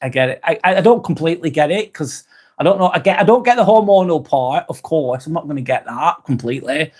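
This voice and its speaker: A man hosts a relaxed livestream, reading out viewer comments and chatting back. His voice sits a little high for a man, and his talk is loose and frequently broken by laughter and casual swearing. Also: fast. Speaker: livestream host.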